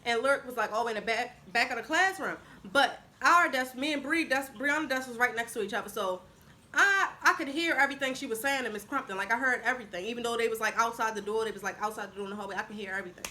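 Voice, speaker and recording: A woman in her twenties telling a casual storytime vlog, chatty and animated, acting out what people said. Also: a little high, fast talker. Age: 20s. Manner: chatty, animated retelling with acted-out quotes. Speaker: vlogger.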